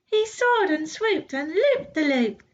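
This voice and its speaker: Slow, high-voiced woman reading a picture book. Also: very animated. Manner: playful, slow and clear. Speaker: school reader. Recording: dull lo-fi recording.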